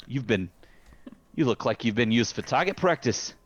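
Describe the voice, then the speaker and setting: Guy doing a kindly old-west rider w/ a brogue, louder and higher, dull audio. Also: lively intonation, measured pace. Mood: reassuring. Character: cautious male rider, gruff but kindly. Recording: dull lo-fi sound.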